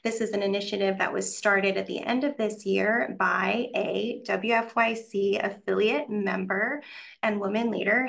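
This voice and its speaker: Gravelly-voiced woman reading announcements. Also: mid-range voice, fairly bright tone. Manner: polished, reading prepared remarks. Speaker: event host from the organization. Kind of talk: scripted announcements on a webcast. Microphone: video call.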